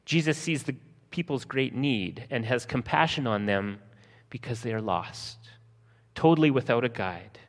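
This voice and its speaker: A man preaching a sermon, slowing for emphasis and acting out scenes from the text in lively voices. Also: mid-range voice, long reverb tail. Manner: lively storytelling, acting out disciples' panic in a raised voice. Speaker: pastor.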